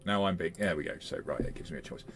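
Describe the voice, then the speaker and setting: A man's voice: sits low, expressive, quick pace, soft background music. A man running a tabletop game as game master, talking things through with frequent fillers. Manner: hesitant, with fillers and restarts.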